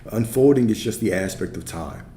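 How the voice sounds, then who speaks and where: Man, livestream spiritual coach, low and warm, repeats lines, keeps asking right?, echoey room. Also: expressive, moderate pace. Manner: repetitive, checks in with frequent "right?"; laid-back, conversational. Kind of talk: livestream teaching, answering chat. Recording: roomy sound with faint background noise.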